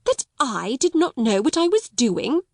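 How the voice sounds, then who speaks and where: A woman reading aloud and voicing a stern, narrow-minded schoolmistress who gives sharp commands. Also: high-pitched, very animated, a little slow, no echo, clean studio sound, voice pushed up, exaggerated voice. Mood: outraged.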